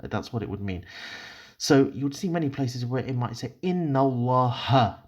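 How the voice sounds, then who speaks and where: A man's voice: medium pitch, animated, normal speed, darkish tone, dull audio. A man teaching Arabic grammar, explaining step by step while he writes, with many fillers, restarts and apologies.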